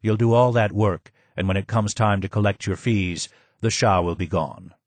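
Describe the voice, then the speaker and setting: A man voicing a calm, measured Persian man who speaks low and steadily. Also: no room sound, close to an everyday voice.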